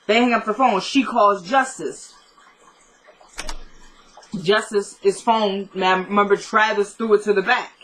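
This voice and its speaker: A woman chats through an episode recap in a bright voice that sits in an ordinary middle range. She acts out the characters' lines as she retells each scene and drops blunt, lightly profane asides along the way. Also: mid-range voice, measured pace, long pauses, low-quality recording. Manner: blunt asides with mild swearing.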